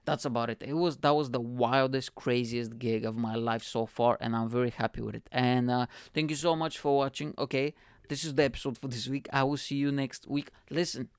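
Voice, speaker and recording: Chatty comedian host with a smooth voice. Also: male voice, medium pitch, no echo, studio quality. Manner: rambling, chatty, swears freely, says "mate" often. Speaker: podcast host and stand-up comedian. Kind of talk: casual storytelling monologue.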